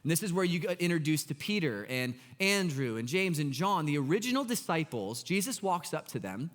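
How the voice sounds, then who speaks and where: A pastor tells a story from the pulpit, jumping between voices and swinging his pitch widely. His voice sits fairly high for a man. The sound carries the long reverb of a big church hall. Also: very animated, fairly quick, fairly bright tone. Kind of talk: storytelling sermon.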